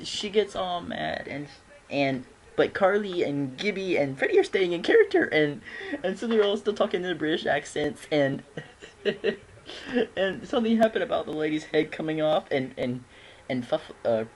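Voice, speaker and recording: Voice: mid-range voice, lively intonation, moderate pace. A fan casually reviewing TV episodes, rambling with frequent restarts and giggles.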